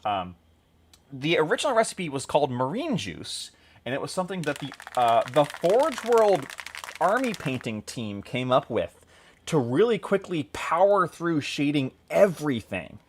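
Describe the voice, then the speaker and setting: A man's voice: a little high, very animated, normal speed. A man hosting a hobby stream, chatting casually and rambling with jokes while he paints miniatures. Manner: jokey, rambling, laughs at own jokes.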